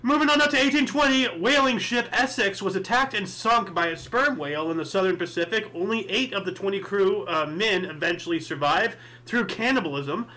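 A man's voice: sits high, normal speed, hardly any pauses, bright, forceful tone. A man hosting a history show, reading dates and thinking aloud in casual solo commentary with many fillers and asides.

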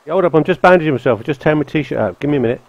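A man's voice: a little high, animated, racing, dry recording, highs cut off. A man streaming a survival game, taunting and swearing at another player over voice chat on a headset.

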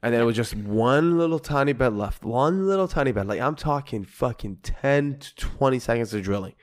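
A man of middle pitch co-hosting a casual podcast and telling a story about a run-in with a neighbor. He swears in nearly every sentence and jumps into the voices of the people he quotes, so the delivery stays lively and conversational. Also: brisk. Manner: swears constantly, animated, acts out both sides of quoted arguments. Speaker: podcast co-host.

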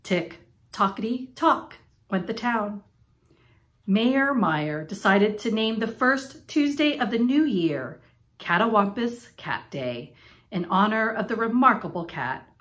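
A woman reading a children's picture book aloud in an expressive, playful storytelling manner. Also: mid-range voice.

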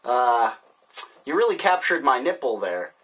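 A man's voice: medium pitch, very animated, measured pace, a bit bright, husky. A man hosting a casual mail-opening vlog, joking and rambling sarcastically as he opens packages. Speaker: vlogger. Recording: distant mic, faint hiss.

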